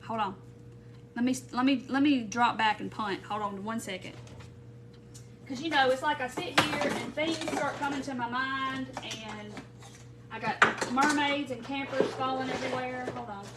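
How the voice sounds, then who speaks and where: Heavy background noise surrounds a woman's high voice speaking at normal speed. She's livestreaming craft work from her home craft room, thinking out loud, rambling casually and greeting viewers by name.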